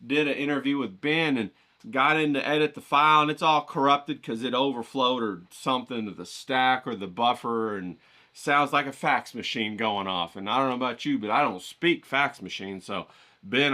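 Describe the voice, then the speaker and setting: A man's voice: mid-range voice, fairly quick, pushed and bright. A man hosting an art vlog, rambling and joking in a folksy, casual way. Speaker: art channel host. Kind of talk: casual vlog talk with drawing tips.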